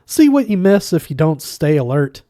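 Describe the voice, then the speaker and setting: A man voicing a brash, excitable male alien adventurer who talks loudly in slang. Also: a little high, normal speed, no room sound, clean studio sound, pitched above the performer's own voice. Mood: excited.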